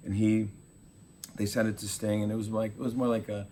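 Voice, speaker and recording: A man in his forties, a talk show host, telling animated stories in a casual interview and acting out quotes. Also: fairly low pitch, a little fast. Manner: animated storyteller, acts out quotes.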